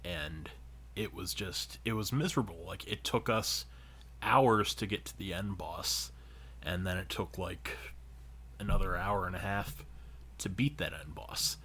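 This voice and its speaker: Bright-voiced man telling a profane story. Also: low voice, a little slow, slightly rough. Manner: profane storytelling, animated when retelling. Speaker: podcast co-host. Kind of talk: casual chat.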